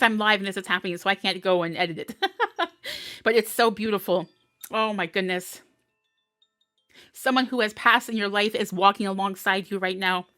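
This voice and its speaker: A woman's voice: medium pitch, sharp tone, clear, resonant tone, no room sound. A woman giving a live tarot horoscope reading, gushing and emotional, laughing often as she channels. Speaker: tarot reader.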